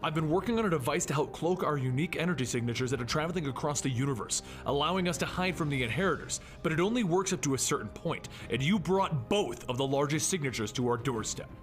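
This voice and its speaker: Bossy arrogant superhero guy, man reading him out, lively high voice over faint music. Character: arrogant commanding male superhero leader.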